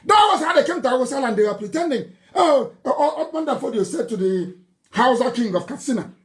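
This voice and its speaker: Nigerian man delivering a fiery political broadcast; mocking tone, hammering repetition, sudden shouts. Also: very high-pitched, expressive, a little fast. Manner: fiery, mocking, scornful laughter, repeats phrases, bursts into shouting. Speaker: political activist leader.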